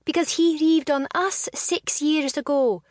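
A woman voicing a proud, sharp-tongued young Highland noblewoman, quick and defiant in her replies. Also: no echo, clean studio sound, natural voice. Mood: snapping.

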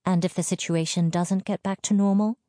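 A woman's voice: lowish voice, fairly even intonation, fairly quick, warm tone, no room sound, studio quality, pitched above the performer's own voice, close to an everyday voice. A woman voicing an anxious, outspoken young wife and mother, blunt and pressing. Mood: pleading. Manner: blunt, pressing, raised and urgent.

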